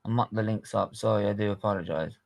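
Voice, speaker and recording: A man's voice: on the low side, fast, gravelly. A man with a London accent hosting a live football watchalong, chatting casually, swearing and laughing as he tells stories. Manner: laughing, swearing, animated storytelling. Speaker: stream host.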